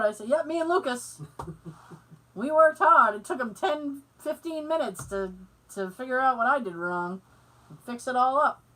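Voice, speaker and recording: A woman's voice: sits high, pushed and bright, rough recording. A woman co-hosting a podcast. She tells stories in casual chat, laughs often, acts out the voices she quotes and swears freely. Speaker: podcast co-host.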